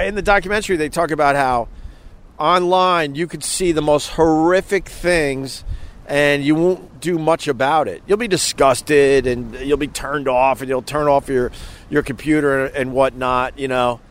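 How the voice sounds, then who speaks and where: A middle-aged man hosting a casual livestream outdoors on a beach at sunset, rambling and chuckling as he reads viewer comments. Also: fairly high pitch. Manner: rambling, chuckling, loose and profane. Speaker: livestream host. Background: wind and faint outdoor noise.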